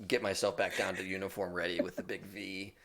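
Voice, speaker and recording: A man's voice: low voice, little pitch movement, fairly quick, fairly bright tone. A man casually playing a tabletop game, rambling and laughing often. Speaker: player.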